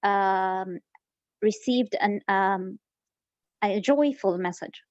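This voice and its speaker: A woman's voice: medium pitch, extremely slow, no room sound, dull audio. A woman student on a video call, reporting her group's answers hesitantly, with many fillers.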